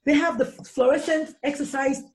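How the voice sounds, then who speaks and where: A woman's voice: high-pitched, fairly even intonation, a little mellow. A woman speaking passionately and indignantly as a guest in a casual interview. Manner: passionate, indignant, rapid questions.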